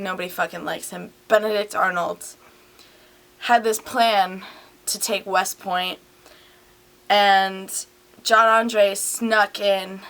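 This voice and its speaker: A woman's voice: medium pitch, fairly bright tone. A drunk young woman giggling and swearing as she retells a history story in a rambling, casual way, filmed on a handheld camera at home. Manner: giggly, profane, rambling, slurred asides.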